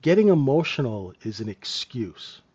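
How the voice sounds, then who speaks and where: A man's voice: medium pitch, big pitch swings, moderate pace, a little mellow, slightly rough, muffled recording. Man hosting a live trading room. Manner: conversational, repeated tag questions, chuckling asides.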